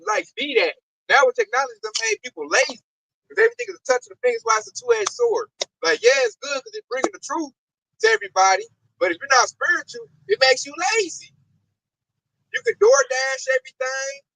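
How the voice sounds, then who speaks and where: A man's voice: extremely high pitch, gravelly, sharp tone, no room sound, recorded from a distance, poor audio. A man hosting a religious discussion, ranting animatedly with lots of slang and repetition. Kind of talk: preachy religious talk.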